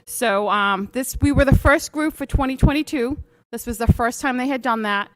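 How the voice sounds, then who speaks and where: A woman chairing a public school meeting, speaking earnestly with frequent filler pauses. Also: high voice, dry recording.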